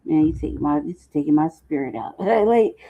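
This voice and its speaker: A woman's voice: deep voice, lively intonation, unhurried. A woman hosting a casual commentary chat, laughing often and talking in loose slang. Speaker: host. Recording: dull lo-fi sound.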